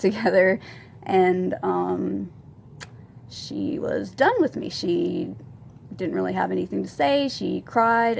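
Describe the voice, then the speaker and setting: A woman in her twenties telling a confessional story as a vlogger, rambling with many ums and soft laughs. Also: medium pitch, slight background noise. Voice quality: gravelly vocal fry. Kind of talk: storytime vlog.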